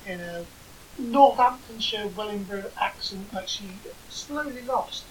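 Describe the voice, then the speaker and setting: A woman's voice: mid-range voice, steady tone, moderate pace. Dry, sarcastic English woman, distant mic. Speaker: podcast co-host. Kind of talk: casual banter. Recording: distant mic with faint hiss.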